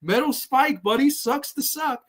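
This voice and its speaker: A man imitating a gloating devilish man, smug, mocking, pitched high. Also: measured pace, fairly bright tone, full character voice. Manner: mocking, offhand sneer.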